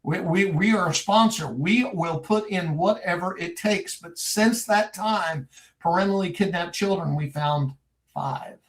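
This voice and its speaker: Middle-aged Texas man, gravelly and a touch high, folksy animated storyteller. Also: measured pace. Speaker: private investigator, guest. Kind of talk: storytelling in a podcast interview.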